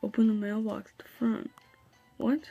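Gravelly young gaming commentator. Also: male voice, sits high, level tone, moderate pace, narrow, tinny audio. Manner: chatty, reads game dialogue aloud. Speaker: gaming video host. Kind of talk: let's play commentary. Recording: faint game music behind.

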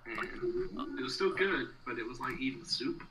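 A man talking casually as a friend on a voice call, chatty and quick to laugh. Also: medium pitch, huge pitch swings, pushed and bright, slight background noise, low-quality recording. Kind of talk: casual chat.

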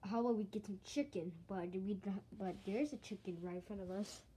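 A woman performing a playful toy skit, excitably switching between character voices. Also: mid-range voice, a little fast, slight background noise.

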